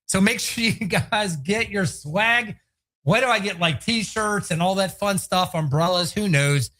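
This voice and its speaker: An energetic man hosting his own real estate show, talking fast and hard-selling, sometimes bursting into loud impressions. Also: sits high. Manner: energetic, salesy, breaks into shouted impressions. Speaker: podcast host, real estate agent. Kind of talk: solo talk show.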